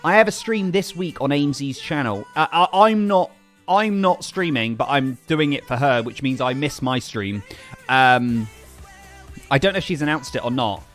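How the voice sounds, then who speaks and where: A young man live-streaming a game, chatting excitedly and thanking viewers as he plays. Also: mid-range voice, moderate pace, faint music behind. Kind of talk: casual live-stream chat while gaming.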